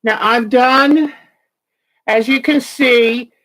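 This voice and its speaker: A woman's voice: fairly high pitch, drawn-out words, fairly bright tone. A woman hosting a quilting show in casual livestream chat, chatty and often giggling. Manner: chatty, giggly, chuckles between words.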